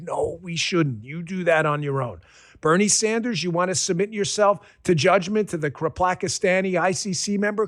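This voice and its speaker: A man hosting a political commentary podcast, talking in a sarcastic, excitable rant that keeps tipping into laughter. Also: high-pitched, no room sound, studio quality. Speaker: podcast host.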